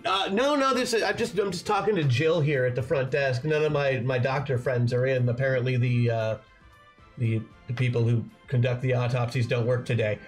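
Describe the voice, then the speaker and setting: A man's voice: mid-range voice, normal speed, soft background music. A man playing a tabletop role-playing game, earnest and direct. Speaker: player.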